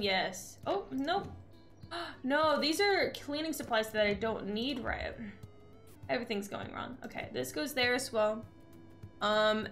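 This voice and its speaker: A woman's voice: on the high side, a bit bright. A woman streaming a game in casual chat, exasperated and sarcastic, swearing freely. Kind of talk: casual live-stream chat while gaming.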